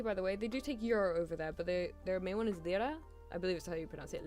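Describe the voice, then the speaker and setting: A woman's voice: lowish voice, very fast, soft background music. Chatty British young woman streamer. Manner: chatty and animated, with frequent laughs and apologies. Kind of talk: casual chat.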